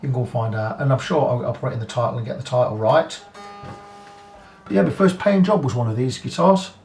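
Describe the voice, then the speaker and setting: A guitar repair technician talks casually through a setup in his workshop, thinking aloud and dropping frank asides. His mid-range voice moves at a quick pace with a darkish tone. The mic sits at a distance in the roomy space, with faint music behind him.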